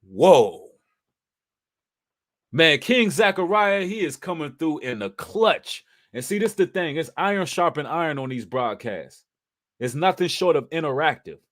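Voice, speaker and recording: A man's voice: a little high, expressive, normal speed, a bit bright. A man hosting a livestream, talking in an emphatic, preacherly way to his audience, mixing casual slang and the odd curse word. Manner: emphatic, preacherly, addresses audience as brothers and sisters; casual slang with occasional cursing. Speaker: livestream host.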